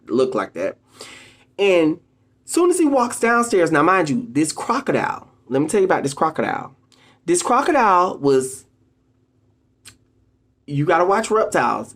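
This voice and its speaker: A video host giving casual motivational advice to viewers, an animated storyteller who keeps addressing the audience directly with emphatic, drawn-out phrases. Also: mid-range voice. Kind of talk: casual motivational talk to camera.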